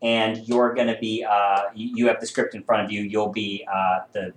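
Halting, earnest casting director, man. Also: lowish voice, flat delivery, a little hiss or hum. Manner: halting, filler-heavy, overly earnest. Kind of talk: comedy audition sketch. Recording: roomy echo with faint ambience.

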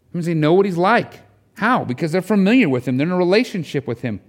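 A man's voice: lively intonation, fast talker. A man preaching a sermon in a church, earnest and pleading, his voice climbing and falling as he presses his point. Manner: earnest, rising to pleading intensity with wide pitch swings. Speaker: pastor. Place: church sanctuary.

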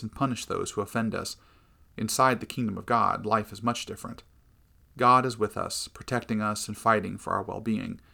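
A man narrates a Christian devotional book in a measured, earnest reading. His voice sits low and carries a gravelly edge. The tone is bright and forceful.

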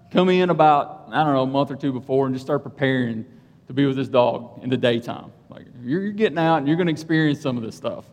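Man preaching through a personal anecdote, lively pitch, echoing hall. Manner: animated, conversational, keeps asking "right?". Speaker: police officer and church speaker. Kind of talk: sermon storytelling.

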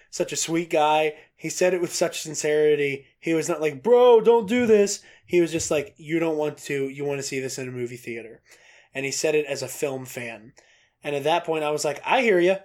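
A man co-hosting a podcast, reading a news story aloud in a casual, excitable way, laughing often and swearing casually. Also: fairly high pitch. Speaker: podcast co-host.

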